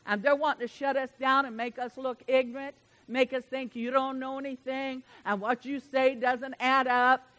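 A woman preaching a sermon in a folksy, emphatic way, swinging from loud declarations to soft asides. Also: sits high, little pitch movement, moderate pace, hardly any pauses, low-quality recording.

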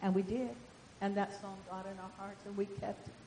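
An older woman preaching a sermon, telling the story with animation and swinging between loud and soft. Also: mid-range voice, monotone, moderate pace, reverberant, a little hiss or hum, low-quality recording.

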